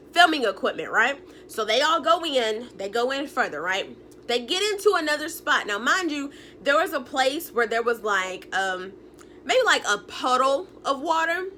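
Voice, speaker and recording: A woman giving a casual, animated recap of a TV episode. She talks in a sassy, chatty way and acts out the characters' lines. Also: high voice, a little hiss or hum. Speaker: recap vlogger.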